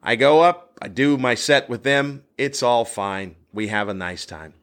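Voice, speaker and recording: A man's voice: mid-range voice, unhurried, fairly bright tone. Comedian guy telling a story, voice jumps way up when he gets worked up. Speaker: stand-up comedian. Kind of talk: casual anecdote telling.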